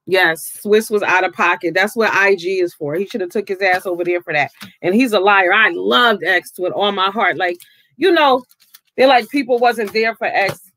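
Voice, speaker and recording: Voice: medium pitch, a bit bright, dry recording. A vlogger giving outspoken, casual commentary, swearing freely, with the voice jumping up when riled.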